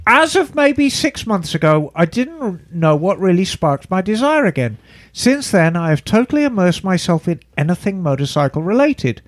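A man's voice: high voice, very animated, normal speed, hardly any pauses, no room sound, studio quality. A man co-hosting a podcast, reading a listener email aloud and breaking in with playful jokey asides. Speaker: podcast co-host.

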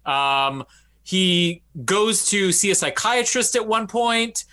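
Male podcast co-host, higher bright voice, loose chatty delivery with frequent laughs. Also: clear, resonant tone. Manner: laughs often, animated, does quick funny voices for quoted characters. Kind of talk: casual movie-review chat.

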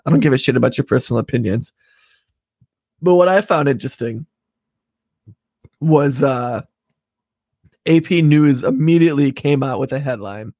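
A man co-hosts a podcast and gives his opinions in a loose, conversational way, with the odd swear word. His voice sits at a middle pitch. The recording is dry and close. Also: moderate pace, long pauses, darkish tone, dry recording. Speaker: podcast co-host. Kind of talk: casual political chat.

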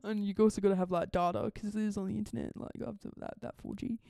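A young woman in her twenties, co-hosting a casual podcast and telling excitable stories while laughing often. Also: mid-range voice, quick pace, gravelly, dry recording, studio quality. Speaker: podcast co-host. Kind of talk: casual chat.

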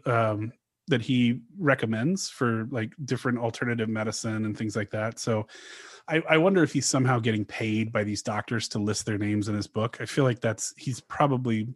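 A man co-hosting a casual podcast, recounting a story at length with frequent restarts. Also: medium pitch. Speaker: podcast co-host.

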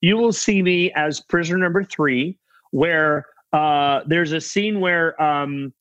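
A middle-aged man with a fairly high voice spins a loose, rambling anecdote from a film set. He restarts often and slips in quick impressions of others. The sound is close and completely dry. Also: a bit bright, dry recording, lo-fi sound. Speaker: guest actor telling set stories. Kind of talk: casual anecdotal storytelling.

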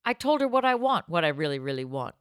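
A woman co-hosting a podcast, telling stories in an excitable, goofy, casual chat. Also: sits low, fast talker, dry recording. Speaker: podcast co-host.

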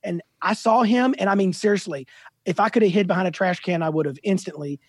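A man in his fifties, a guest author, telling animated, self-deprecating stories in a casual interview. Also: high-pitched, fast talker, husky, no room sound.

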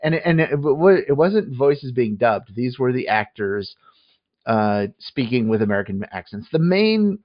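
A man's voice: mid-range voice, very animated, measured pace, dry recording, lo-fi sound. Rambling man reviewing movies, dry sound. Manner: rambling, many restarts and fillers. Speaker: movie review podcast host. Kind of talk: casual spoken movie review.

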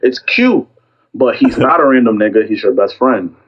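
Young man, husky voice, casual storytelling, acts out quotes, dull lo-fi recording. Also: mid-range voice, normal speed. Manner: animated storytelling, acting out both sides of an argument. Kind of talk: casual chat.

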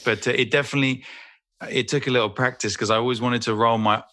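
A man's voice: medium pitch, fairly even intonation, fast talker, pushed and bright, dry recording. A male actor guest who chats in a rambling, self-deprecating way and laughs easily. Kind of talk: casual interview chat.

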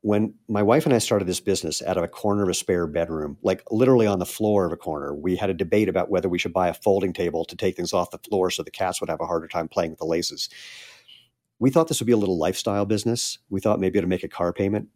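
A man's voice: low-pitched, fast, a little mellow. A middle-aged man, a shoe company founder, talking candidly and earnestly as a guest on a podcast interview. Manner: candid, earnest, gets choked up.

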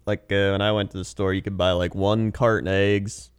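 A man's voice: lowish voice, level tone, fairly quick, clear, resonant tone, no echo, studio quality. A man in casual podcast chat, answering in a laid-back way with short replies.

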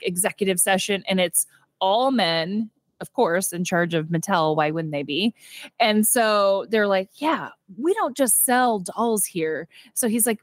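Young woman podcast co-host, animated film recap, quoted voices, dry close sound. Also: medium pitch, dry recording. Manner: animated retelling with quoted character voices and frequent laughter. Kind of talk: casual movie recap chat.

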